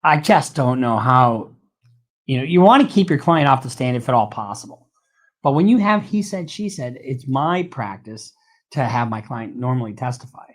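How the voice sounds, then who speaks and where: A man, a lawyer guest, talking things through in a measured, mildly exasperated way. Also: mid-range voice, animated. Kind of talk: casual podcast chat.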